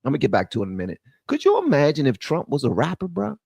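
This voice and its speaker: Male live-stream host, animated slangy riffing, bouncy intonation. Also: a little high, very fast, creaky, breathy edge, no echo. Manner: animated, slangy, reads quotes aloud and riffs on them. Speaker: commentary channel host. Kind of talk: live-stream news commentary.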